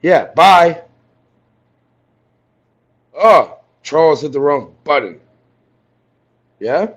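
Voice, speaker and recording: A man's voice: a little high, lively intonation, very slow, a bit bright, slightly rough. A man ranting angrily and profanely on a livestream, confronting someone he is arguing with. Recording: dull lo-fi audio.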